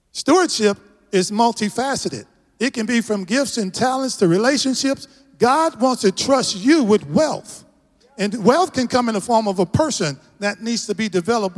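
Texan preacher in a ringing church hall. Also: male voice, high voice. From Texas. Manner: rousing, call-and-response with the congregation. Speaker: guest pastor. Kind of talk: sermon. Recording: long church hall reverb.

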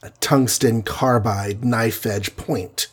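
A man with a husky voice voicing a boastful, wisecracking male archer hero in an audiobook reading. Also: mid-range voice, lightly acted. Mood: explaining. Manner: cocky and quick-talking. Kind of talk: audiobook character voice.

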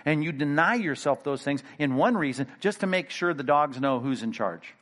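Speaking at a normal speed, this pastor delivers his sermon in a lively, conversational style. He plays out small imagined dialogues and slips into hushed, low-voiced asides.

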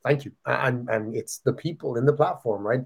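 Irish man, middle-aged, podcast guest, talkative, joking, medium pitch. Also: gravelly, breathy edge. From Ireland. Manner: chatty, joking, quick asides. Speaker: guest, company founder. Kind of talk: casual podcast conversation.

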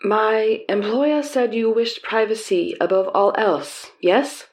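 A woman's voice: mid-range voice, expressive, slow, a little mellow, voice pushed up. A woman reading aloud and voicing a polite young Southeast Asian male translator, in a put-on Southeast Asian accent and formal phrasing. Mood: courteous.

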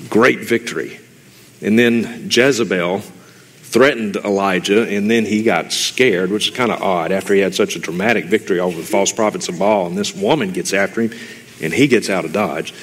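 A man's voice: low voice, normal speed, a bit bright, breathy edge, in a large hall. A man giving an emphatic, conversational sermon, explaining scripture verse by verse and addressing listeners as dear ones. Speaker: Bible teacher. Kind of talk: expository sermon.

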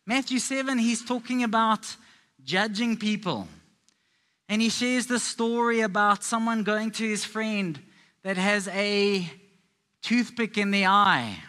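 Bright, high-voiced man preaching playfully. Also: measured pace. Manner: playful, conversational storytelling. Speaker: pastor. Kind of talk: sermon.

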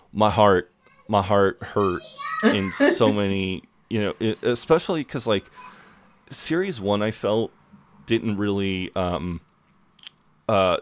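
Deep-voiced man chatting on a podcast. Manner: swears freely, restarts often. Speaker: podcast co-host. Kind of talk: casual chat.

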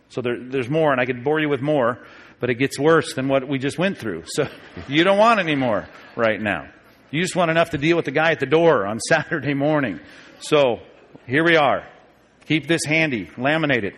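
A man, a pastor, teaching a Bible study class about Greek grammar, joking and slowing down to spell out key sentences. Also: medium pitch. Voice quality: lively, joking, moves between quick asides and slow deliberate reading.

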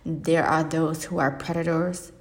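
Into a podcast mic, the host of a faith-based show delivers a monologue in a low, gravelly voice. She stays flat and even, earnest and reflective, often pausing and filling the gaps with soft ums.

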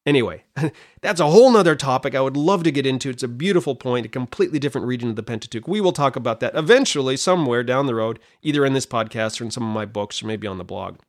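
A middle-aged man hosting a Bible study podcast, talking in an animated, chatty way that wanders off on side points. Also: medium pitch, fast talker. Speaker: podcast host and Bible teacher.

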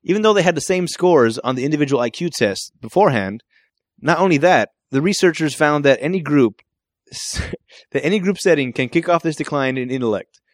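A man co-hosting a podcast in casual chat, laughing often and agreeing quickly. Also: a little high, expressive, no echo, clean studio sound. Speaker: podcast co-host.

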